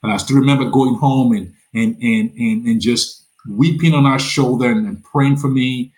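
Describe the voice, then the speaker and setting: A middle-aged man tells his story as an interview guest, in a voice of ordinary pitch. He talks with lively energy, acts out the people he quotes, and often stumbles over repeated words. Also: normal speed, rough recording. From Nigeria.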